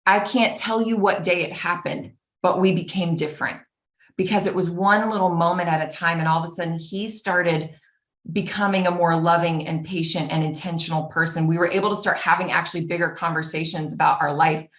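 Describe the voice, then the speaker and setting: A woman giving an earnest, animated personal talk, acting out the voices of the people she quotes. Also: on the low side, fairly quick. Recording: roomy echo.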